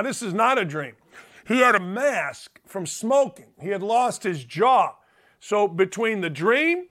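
A man's voice: high-pitched, bright, forceful tone. A man in his fifties hosting a sports talk show, telling stories emphatically and repeating phrases for effect. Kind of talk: animated sports talk monologue.

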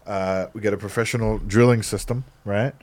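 A man, a guest on a podcast, telling animated stories about his past in a casual way, often adding "right?". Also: on the low side, fairly quick. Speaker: podcast guest, skateboard company founder. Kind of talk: casual storytelling.

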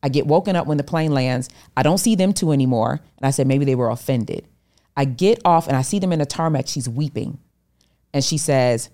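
A woman's voice: rumbling low, brisk, dark tone. A middle-aged woman, a podcast guest, telling a personal story animatedly and acting out the voices she quotes. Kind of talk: storytelling interview talk.

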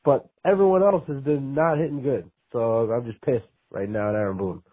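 A man's voice: medium pitch, moderate pace, slightly rough. A man from New Jersey calling in to sports radio, ranting with frustration and swearing, heard over a phone line. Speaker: caller.

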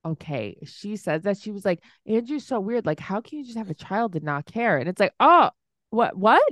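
A woman's voice: mid-range voice, big pitch swings, fairly bright tone, no echo. A woman co-hosting a podcast, reacting bluntly and with disbelief in casual chat about a reality show. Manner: blunt, incredulous, quick to laugh. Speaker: podcast co-host.

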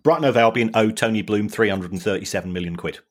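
Halting middle-aged man explaining finance. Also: on the low side. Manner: halting, repeats words while explaining figures. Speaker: football finance analyst, podcast co-host. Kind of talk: casual podcast chat.

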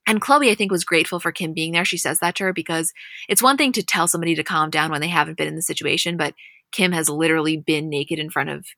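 A woman with a bright, forceful voice and a lowish pitch, chatting through a recap. The sound is dry and close, with no room around it. She tells the story with lively energy. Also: fast talker, no room sound. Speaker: podcast co-host. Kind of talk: casual recap chat.

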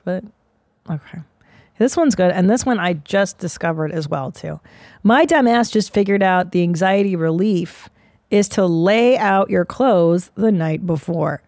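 Mom podcast host, swears a lot, kinda gravelly, dry mic. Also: female voice, on the low side, animated, moderate pace, darkish tone, no room sound. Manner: profane, blunt, sarcastic rants. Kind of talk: casual podcast chat.

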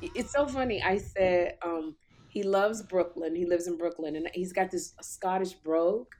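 A woman comic telling a story in lively chat, acting out quotes in a loud voice. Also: fairly low pitch, moderate pace, slight background noise. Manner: animated, acts out quotes loudly. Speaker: talk show host and comic, guest.

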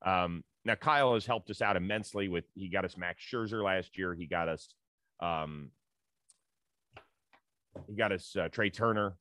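A man's voice: deep voice, normal speed, long pauses, sharp tone, no room sound. A man hosting a podcast, trading casual banter and plugging upcoming episodes with a chatty manner. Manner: chatty, hypes guests and sign-offs. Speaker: podcast host.

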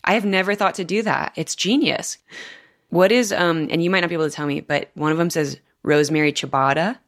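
Woman podcast host, deep for her sex, bubbly casual interviewer, dry close sound. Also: fairly quick, no echo. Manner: upbeat, enthusiastic, reacts with excitement.

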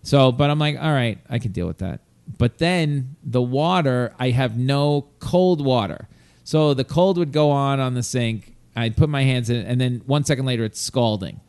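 A man from New York telling a long exasperated story in casual chat, animated and swearing. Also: medium pitch, normal speed, hardly any pauses, clear, resonant tone.

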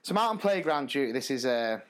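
A man co-hosting a podcast, a primary school teacher telling stories in a casual, animated way and laughing through them. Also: medium pitch, quick pace. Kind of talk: casual storytelling chat.

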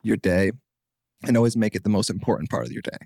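A young man in his twenties tells his story as a podcast guest, his low voice rough with vocal fry. He talks casually and animatedly, acting out what other people said. The close mic sounds dry. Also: fast, no echo. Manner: animated, acts out quotes, many fillers. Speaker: podcast guest, singer-songwriter.

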